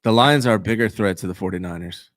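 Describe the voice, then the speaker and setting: A man's voice: fast, a bit bright, dry recording, studio quality. A man co-hosting a casual sports talk show, making emphatic points about team strengths. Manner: emphatic, analytical, drops to low mutters. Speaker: podcast co-host.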